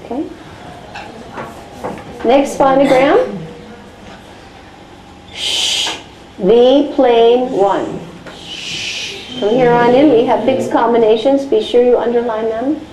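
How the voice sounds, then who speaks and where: A woman teaching a class, slowly dictating phonics sounds for a test and explaining how each is said. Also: a little high, warm tone, echoey room, slight background noise, low-quality recording. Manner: slow, deliberate dictation of sounds.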